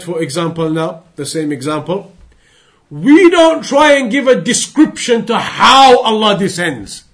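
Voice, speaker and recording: A man's voice: high-pitched, a bit bright. A man teaching an Islamic creed lesson, emphatic and repetitive, full of rhetorical questions.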